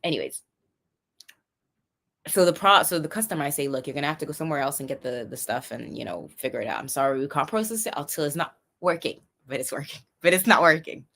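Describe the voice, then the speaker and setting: A young woman talks straight to her livestream viewers in a chatty, animated way. Her voice sits low, and she often restarts sentences mid-thought. She laughs easily between her motivational points. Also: fast. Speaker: live streamer giving motivational talk. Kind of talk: casual motivational livestream talk.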